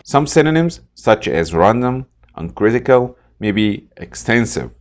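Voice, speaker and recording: A man teaching English vocabulary, saying each word slowly and repeating it for pronunciation. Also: medium pitch, big pitch swings. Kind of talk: scripted vocabulary lesson.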